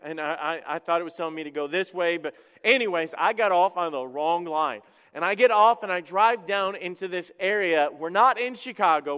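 A middle-aged man preaching a sermon in church, telling a personal story with self-deprecating humor and quick restarts. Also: sits high, pushed and bright, clear, resonant tone. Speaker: pastor. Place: church sanctuary. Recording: echoey church hall.

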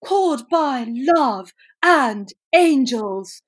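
A woman putting on an impression of a stern older stateswoman, reading slowly and loudly. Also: high-pitched, expressive, full character voice. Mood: mock-solemn.

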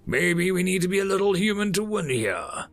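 A man voicing an excitable alien male soldier in an audiobook sci-fi story. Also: high-pitched, normal speed, creaky, voice pushed up, exaggerated voice. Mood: eager.

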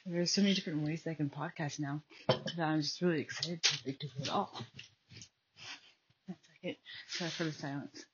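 A young adult woman hosting a casual solo podcast from home at night, talking quietly and rambling with many fillers into a phone. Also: low voice, steady tone, brisk, long pauses, noisy background. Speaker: podcast host. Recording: dull lo-fi phone recording.

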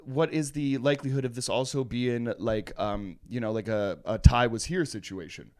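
A man riffs on a comedy podcast, wandering through his thoughts with constant "like"s and "you know what I mean"s. His jokes are crude and loose. His voice sits at an average pitch. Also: fairly even intonation, moderate pace, darkish tone. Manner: rambling, filler-heavy, crude jokes. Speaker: podcast co-host. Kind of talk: casual comedic podcast chat.

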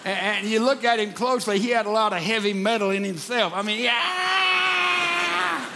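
An older man preaching a sermon in a folksy, animated way, with stammered restarts. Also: sits high, fast, very noisy. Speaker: pastor. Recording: long reverb of a large hall.

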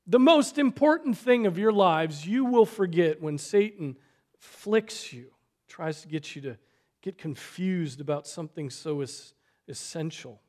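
A man preaching a sermon, earnest, swinging between loud exhortation and soft, quiet asides. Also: a little high, animated, measured pace. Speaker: pastor.

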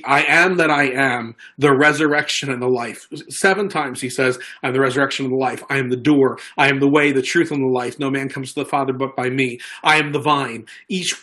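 A man's voice: mid-range voice, a bit bright. A man preaching a sermon in a conversational way, stumbling into restarts and acting out quoted lines. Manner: conversational preaching, frequent restarts and repeated words. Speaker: pastor.

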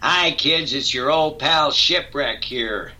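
A man's voice: mid-range voice, takes it slowly, pushed and bright. A man voicing a brash grown sailor hero from a cartoon, reading a mock-earnest public service message.

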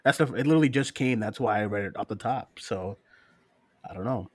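A man's voice: fairly low pitch, a little fast, husky, no echo, clean studio sound. A man co-hosting a casual live-stream show, reading listener questions, laughing often and cursing freely. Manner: animated, profane, laughs often, mocking voices.

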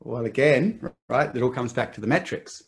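A man's voice: mid-range voice, animated. A middle-aged man talking through business and marketing rules of thumb in a casual chat, often restarting his sentences and laughing at himself. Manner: quick, laughing, self-interrupting explanations.

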